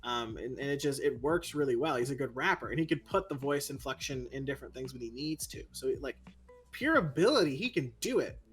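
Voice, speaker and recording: A young man co-hosting a casual chat, ranting in an animated, opinionated way. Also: medium pitch, fairly quick, soft background music. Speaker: co-host.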